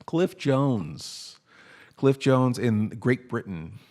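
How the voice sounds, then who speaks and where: A man's voice: mid-range voice, expressive, drawn-out words, darkish tone. A man hosting a casual comedy podcast, rambling and self-mocking with lots of fillers. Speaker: podcast host.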